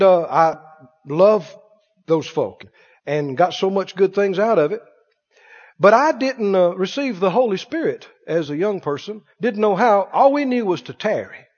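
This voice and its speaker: A man preaching a sermon, telling a story from his own life in an animated way and laughing as he tells it. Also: high voice. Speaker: pastor. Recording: dull sound with long hall reverb.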